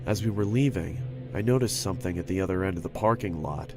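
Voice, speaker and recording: A man narrating a first-person horror story in a steady, scripted storytelling manner. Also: low-pitched, fast talker. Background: music.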